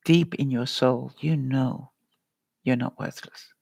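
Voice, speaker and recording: Woman life-coach vlogger, very gravelly, dry close sound, encouraging live-stream talk. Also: rumbling low, fairly even intonation, slow, darkish tone, no echo. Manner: earnest, encouraging, addresses viewers by name. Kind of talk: live-stream pep talk answering chat.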